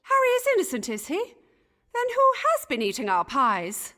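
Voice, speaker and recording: An actress playing a fussy, gossipy Elizabethan gentlewoman who chatters in archaic phrases and is easily scandalised. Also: high-pitched, wildly swooping pitch, normal speed, full character voice. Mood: indignant.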